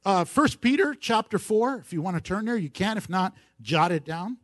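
A pastor delivers a sermon to his congregation in a notably high, light voice. He builds emphasis with repeated phrases and slips in playful jokes along the way. The sound is close and dry, with no room echo. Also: animated, moderate pace, hardly any pauses, fairly bright tone. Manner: preaching with rising emphasis and playful asides. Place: church service.

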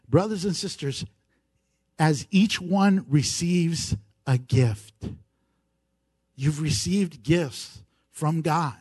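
A pastor delivers a sermon to his congregation in a notably high, light voice. He builds emphasis with repeated phrases and slips in playful jokes along the way. The sound is close and dry, with no room echo. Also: extremely slow, pauses often, darkish tone, breathy edge. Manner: preaching with rising emphasis and playful asides. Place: church service.

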